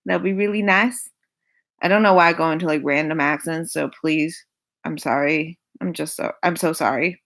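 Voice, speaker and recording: A young woman with a slightly low voice talks her way through a makeup wishlist in a loose, chatty vlog manner. She repeats her points and lets sighs and small laughs fall between items. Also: fairly even intonation, normal speed, a bit bright. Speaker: makeup vlogger. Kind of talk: casual product rundown.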